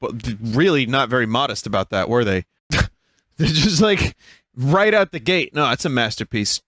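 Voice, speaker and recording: A man in his thirties, a streamer giving casual, profane and excitable reaction commentary, laughing often. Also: mid-range voice, normal speed, dry recording, studio quality.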